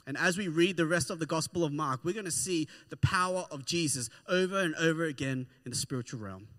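A man preaching a sermon to a congregation in an animated way, often checking in with "right?". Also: on the high side, brisk. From Australia. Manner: animated, keeps asking "right?". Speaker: pastor.

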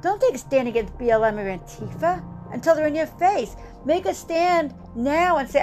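A woman with a fairly high voice speaks straight to her viewers in an impassioned monologue. She is emphatic and rousing, hammers her points home with repetition, and sinks into a low, grave tone when she warns. Soft music plays faintly behind her. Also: expressive, normal speed, hardly any pauses. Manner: emphatic, rousing, repeats lines for effect.

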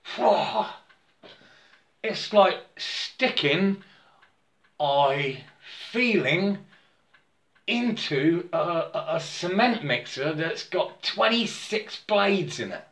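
A man with a fairly high voice talks very slowly in a rambling, spiritual monologue. He stammers, loops back on words and keeps checking in with his listener. The room around him rings with a noticeable echo. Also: animated, fairly bright tone. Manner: halting and repetitive, stammers and keeps asking "yeah?". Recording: roomy echo.

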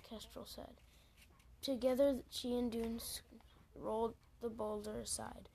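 A woman's voice: fairly high pitch, fairly even intonation, unhurried, darkish tone. A woman reading a fantasy book aloud casually, often stumbling and restarting words, with joking, swearing asides. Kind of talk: casual read-aloud storytelling.

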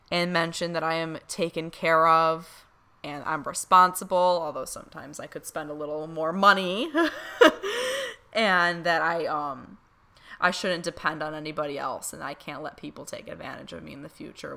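Young woman vlogging, bright low-ish voice, gushing and excited, lots of ums. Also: moderate pace, gravelly. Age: young adult. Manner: excited, gushing, many fillers. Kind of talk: casual storytelling to camera.

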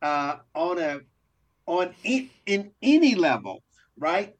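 A man's voice: high-pitched, sing-song, slow pace. A man co-hosting a casual talk show as a coach, easygoing and chuckling as he acts out little scenes. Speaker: coach and co-host. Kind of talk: casual chat.

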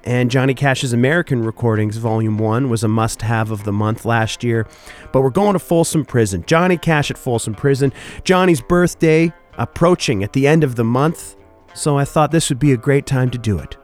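A younger man hosting a country music radio show, chatting in a relaxed, folksy way with filler words. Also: medium pitch, normal speed. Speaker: radio host. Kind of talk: casual radio show chat.

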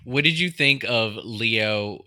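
A man's voice: fairly low pitch, slow pace, pushed and bright, no room sound, clean studio sound. A man co-hosting a casual podcast, thoughtfully reasoning through a TV plot. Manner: thoughtful, reasons things out with restarts. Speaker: podcast co-host. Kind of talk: casual chat discussing a TV episode.

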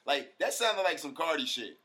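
Very bright-voiced joking podcast guest man. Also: a little high, moderate pace. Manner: animated, profane, joking. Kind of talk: casual chat.

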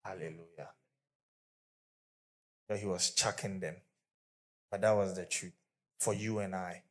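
A man's voice: sits low, steady tone, unhurried. A male pastor preaching a sermon to a church congregation, leading call-and-response and speaking emphatically with bursts of laughter.

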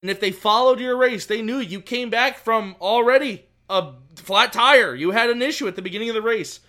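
A man co-hosting a podcast, rambling excitedly about racing with many restarts. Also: very high-pitched, moderate pace. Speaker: podcast co-host. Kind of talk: casual racing chat.

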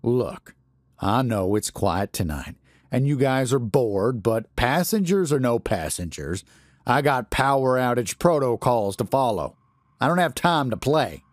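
A man voicing a hulking, self-important night security guard who talks in a blustering, gruff way, in a storybook reading. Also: medium pitch, very animated, unhurried, no echo, pitched above the performer's own voice.

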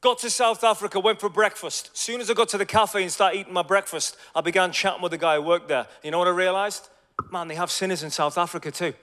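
Lively preacher in a big echoing hall. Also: male voice, high-pitched, fast. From Ireland. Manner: energetic, conversational, swings from loud to hushed. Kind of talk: sermon with storytelling. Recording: long hall reverb.

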